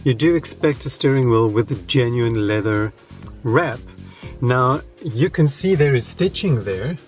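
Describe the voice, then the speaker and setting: A man talks casually and frankly from inside a parked car, speaking straight to his viewers. His voice sits at an ordinary mid pitch. Soft music plays quietly underneath him. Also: animated, measured pace. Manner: frank, conversational, addresses viewers directly. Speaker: car reviewer. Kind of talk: casual walkaround review.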